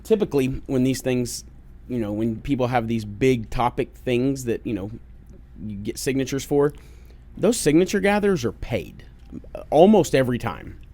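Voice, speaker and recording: A podcast co-host with a mid-range, expressive voice and a warm tone talks at a moderate pace on a studio mic. He's bantering casually, rambling and joking with plenty of profanity.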